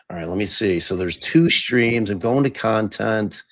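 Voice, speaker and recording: A man's voice: on the low side, moderate pace, hardly any pauses, a bit bright, dry recording. A middle-aged man runs a casual live podcast stream. He jokes about his own clumsiness with technology and swears freely. His voice is close and dry. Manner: self-mocking, swears freely, fumbles with tech. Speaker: podcast host.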